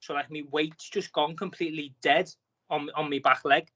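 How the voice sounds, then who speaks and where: A man's voice: a little high, fairly even intonation, normal speed, bright, forceful tone, muffled recording. A man, a boxer appearing as a guest, talking casually on a podcast and telling a long story packed with fillers and restarts. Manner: rambling storytelling with many fillers.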